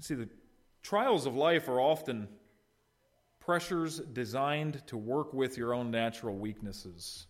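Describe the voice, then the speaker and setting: A man preaching an expository sermon, swinging from loud emphatic peaks to soft low endings, with conversational asides to the congregation. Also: lively intonation, takes it slowly. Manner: conversational, teases congregants by name. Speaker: pastor.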